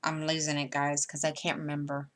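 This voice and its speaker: A woman's voice: sits low, completely flat delivery, a little fast. A middle-aged woman with a Southern American accent, chatting casually in a rambling way while she sorts her embroidery floss for a crafting vlog. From United States. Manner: rambling, chatty, often trailing off with fillers. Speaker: cross-stitch vlogger.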